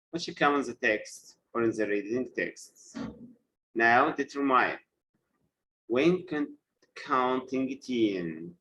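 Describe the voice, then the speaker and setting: A male English teacher gives a live online lesson at an unhurried pace. He repeats key words for his students and moves between English and as he explains. His voice sits at an ordinary middle pitch. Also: pushed and bright, low-quality recording. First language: Arabic.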